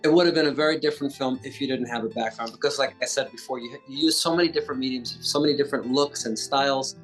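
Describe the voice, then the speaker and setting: Chatty festival interviewer on a video call, laughs a lot, guitar music clear underneath. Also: mid-range voice, quick pace. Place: rural Virginia.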